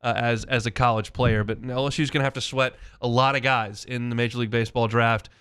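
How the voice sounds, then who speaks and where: A man hosts a sports radio show, talking through recruiting news and player stats in a relaxed, conversational way. His voice is smooth and clear, sitting at an ordinary male pitch. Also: fast. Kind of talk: sports talk and live-read ads.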